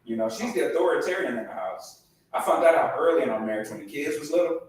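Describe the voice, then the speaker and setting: A man's voice: fairly high pitch, big pitch swings, fast talker, heavy reverb, distant mic, low-quality recording. A middle-aged man performing a stand-up comedy set, acting out voices and laughing at his own jokes.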